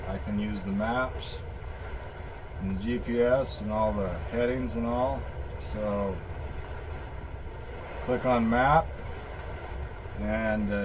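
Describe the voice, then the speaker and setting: A man's voice: mid-range voice, lo-fi sound, noisy background. Rambling man with a folksy manner. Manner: rambling, folksy, full of fillers and restarts. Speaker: tech tutorial maker. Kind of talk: casual screen-recorded walkthrough.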